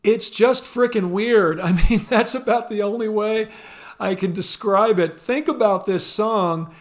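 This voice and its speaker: High-voiced man chatting about songs. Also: measured pace. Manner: chatty and amused, laughing often. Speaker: music channel host. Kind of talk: casual music commentary. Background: faint music from the song being discussed.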